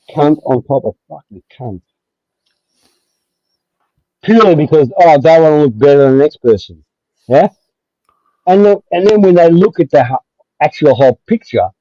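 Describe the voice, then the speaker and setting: A man's voice: medium pitch, dark tone, no echo. A man hosting a livestream, ranting aggressively and swearing again and again. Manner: aggressive, swearing, repetitive, heated. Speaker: livestream host. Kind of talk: profane livestream rant. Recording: dull lo-fi dry stream audio.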